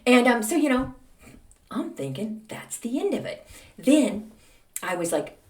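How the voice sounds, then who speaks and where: A woman hosting a podcast, telling a long story in a chatty, animated way with lots of fillers and acted-out dialogue. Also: a little high, unhurried. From Texas. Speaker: podcast host. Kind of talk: casual storytelling monologue. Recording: roomy, a little distant from the mic.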